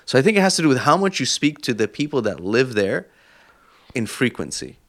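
A man's voice: medium pitch, sing-song, brisk. A man co-hosting a podcast, explaining his views at length with examples in casual chat. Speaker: podcast co-host.

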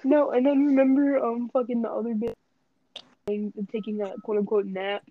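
A man's voice: extremely high pitch, flat delivery, normal speed, dry recording. A young man co-hosting a podcast, joking in crude, profane banter and cutting in on the others. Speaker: podcast co-host. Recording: dull lo-fi sound.

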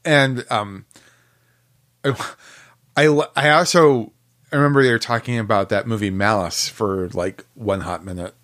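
A man's voice: on the low side, measured pace, fairly bright tone. A man co-hosting a podcast, joking around in casual chat. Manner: playful and joking. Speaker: podcast co-host.

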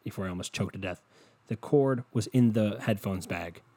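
A frustrated man hosts a solo podcast from home, swearing freely and piling on sarcasm as he rants. His voice is dark and mellow, with a slightly husky edge, picked up close on a home microphone. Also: fairly low pitch, normal speed. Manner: profane, frustrated, sarcastic ranting. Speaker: podcast host. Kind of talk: casual solo podcast rant. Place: indoors at home. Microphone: USB podcast mic with windscreen.

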